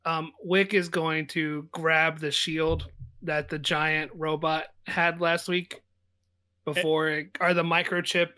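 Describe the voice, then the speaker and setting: A man at a tabletop game lays out his character's moves in a bright, slightly high voice. He narrates deliberately, pausing to choose his words. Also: flat delivery, clear, resonant tone. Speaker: player. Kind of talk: describing his character's actions.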